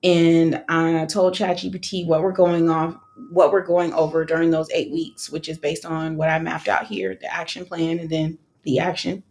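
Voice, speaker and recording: A woman's voice: low-pitched, flat delivery, moderate pace, gravelly, hardly any pauses, darkish tone. A young woman from California, an online course creator, talking casually on a live stream, chatty and slangy, laughing often.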